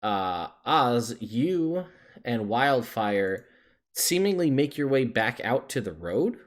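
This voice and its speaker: A man narrating as game master of a tabletop game, halting and filler-heavy, often amused. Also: medium pitch, big pitch swings.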